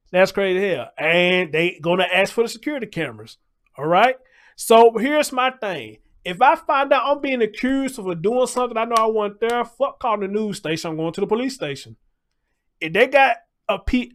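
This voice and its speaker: A man's voice: high voice, expressive, fairly quick, fairly bright tone. A man hosting a livestream, talking loosely in casual commentary, repeating his points and greeting viewers in the chat.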